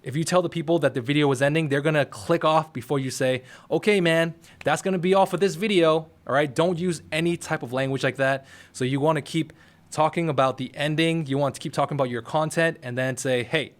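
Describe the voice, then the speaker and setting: A man's voice: on the high side, steady tone, quick pace. A young man hosting a YouTube how-to, coaching viewers in a direct, casual way and checking in with "all right?" He is in his office next to a firehouse. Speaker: YouTube tutorial host. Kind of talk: casual how-to talk to camera.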